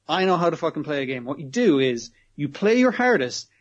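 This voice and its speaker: A man's voice: fairly high pitch, big pitch swings, a little fast. A man voicing a fed-up, blunt businessman scolding a bad host, in a muffled lo-fi recording. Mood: scornful.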